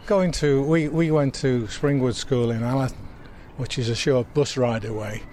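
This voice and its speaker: An older man with a southwest Lancashire accent, reminiscing in an interview, halting with many restarts, outdoors by a road. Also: mid-range voice, steady tone, a little mellow, slight background noise. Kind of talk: reminiscing conversation.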